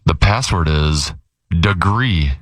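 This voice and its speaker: A male radio host runs a word game, calling scores and turns in a brisk game-show manner. His delivery moves a lot in pitch, and the sound is dry and close. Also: expressive, dry recording.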